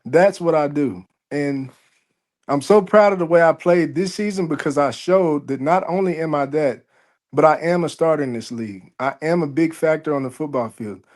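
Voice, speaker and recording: Confident male football player guest, slightly high-pitched, casual. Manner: confident, self-assured. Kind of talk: casual interview chat.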